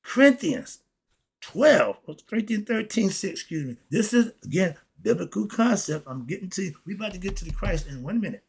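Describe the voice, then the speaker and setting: A man lecturing about spirituality, asking and answering his own questions, with quiet asides and loud excited bursts. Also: sits high, moderate pace, vocal fry, slightly rough. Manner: preachy, talks straight at the audience, asks and answers his own questions. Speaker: host.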